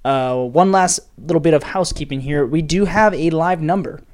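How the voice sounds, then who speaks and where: A young man with a fairly high voice co-hosts a casual podcast. He leads the segments and announcements in an upbeat, announcer-like way. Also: normal speed, a little hiss or hum. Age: young adult. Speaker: podcast co-host. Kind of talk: casual chat.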